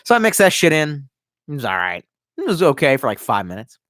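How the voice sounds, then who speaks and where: Young male streamer, tipsy, profane and rambling; lively pitch, dry close sound. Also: a little fast, no room sound. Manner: rambling, profane, reads chat aloud. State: tipsy from wine. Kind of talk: casual live-stream chat.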